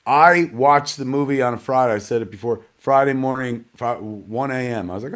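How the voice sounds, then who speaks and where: A man's voice: mid-range voice, moderate pace. A man hosting a live online premiere in a casual, rambling, self-deprecating way, full of slang and calling the audience kids and man. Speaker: red carpet host.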